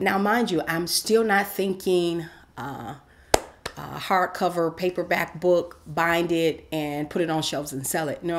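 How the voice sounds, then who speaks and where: A woman host telling a personal faith story in a casual, animated way with many fillers. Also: low voice. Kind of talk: personal testimony.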